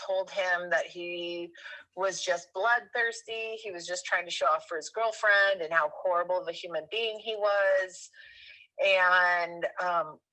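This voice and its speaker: Bright-voiced woman telling a story. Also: mid-range voice, rough recording. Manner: animated, rambling with fillers and self-corrections. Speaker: guest. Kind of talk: casual storytelling.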